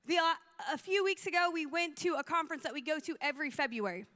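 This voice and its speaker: A woman pastor telling funny stories in a sermon, animated and acting out the people she quotes. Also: high-pitched, quick pace, few pauses. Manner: animated, comic, acts out quotes. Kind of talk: storytelling sermon.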